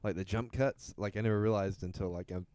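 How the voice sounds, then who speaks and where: A man's voice: on the low side, steady tone, fast talker, a little mellow, smooth, no room sound. A man co-hosting a podcast in casual chat, easygoing and thinking aloud. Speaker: podcast co-host.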